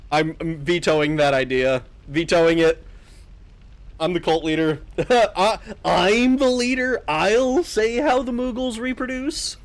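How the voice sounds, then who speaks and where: A man's voice: a little high, clean tone. A young man casually commentating a game stream, joking crudely and laughing often.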